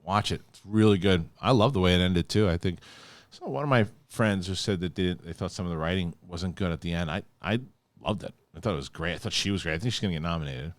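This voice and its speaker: A middle-aged man co-hosting a podcast, telling rambling, animated stories with restarts and casual swearing. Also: low voice, fast, dry recording. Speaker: podcast co-host. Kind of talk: casual chat.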